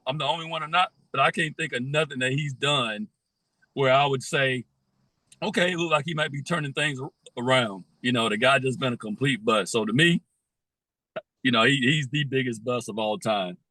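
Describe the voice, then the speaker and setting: A man's voice: mid-range voice, fairly quick, bright, forceful tone, no echo, rough recording. A man in casual sports chat, speaking steadily and plainly, often ending lines with "man". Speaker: podcast co-host.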